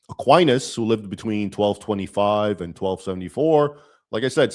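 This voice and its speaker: A man's voice: lowish voice, darkish tone. A man hosting a livestream, explaining in a lecturing manner and often checking in with "okay?". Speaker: livestream host.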